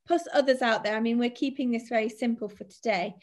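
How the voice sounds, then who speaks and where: Woman, financial adviser, fairly high voice, steady explainer. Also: fast talker. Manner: explanatory, steady, thinks aloud with fillers. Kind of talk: presenting a finance talk.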